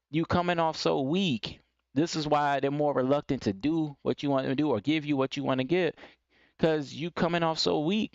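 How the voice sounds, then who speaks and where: A man's voice: a little high, no echo, lo-fi sound. Blunt preachy man lecturing on stream. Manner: blunt, preachy, repeats points, mocks timid phrasing in quoted voices. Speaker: live stream host giving dating and self-improvement advice. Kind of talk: live stream monologue.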